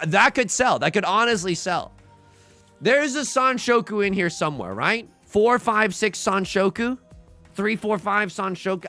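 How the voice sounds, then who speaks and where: A man's voice: high-pitched, gravelly, bright, forceful tone. A young man streaming a tile game live, talking through each move and joking with his chat. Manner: playful, jokey, talks to chat.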